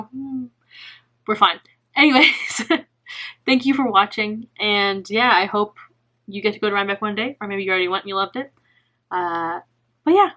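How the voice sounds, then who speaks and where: A woman's voice: mid-range voice, bright, forceful tone. A young woman chatting casually to camera in a knitting vlog, gushing and rambling with lots of fillers. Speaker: knitting vlogger.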